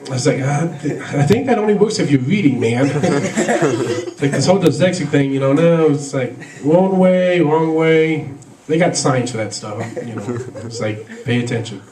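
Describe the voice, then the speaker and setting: A man's voice: a little high, expressive, normal speed, reverberant, recorded from a distance, a crowd in the background, low-quality recording. A man doing a stand-up comedy set, rambling through stories with lots of fillers and laughs at his own jokes. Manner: rambling, filler-heavy storytelling with frequent laughs.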